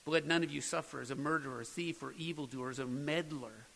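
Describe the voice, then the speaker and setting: High-voiced man preaching in a reverberant hall. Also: quick pace, vocal fry, fairly bright tone. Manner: earnest preaching, rising to emphatic peaks. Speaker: pastor. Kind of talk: sermon.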